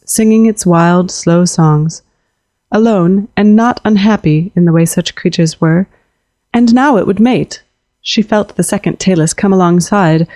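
A woman's voice: fairly low pitch, mellow, no echo. Woman reading fantasy fiction, dry and close. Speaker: narrator. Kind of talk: scripted narration of fantasy fiction.

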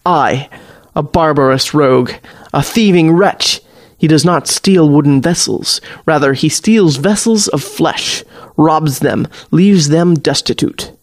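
A man's voice: fairly high pitch, slow pace. A man doing a stiffly formal naval warlock. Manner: archaic, stiffly formal speech.

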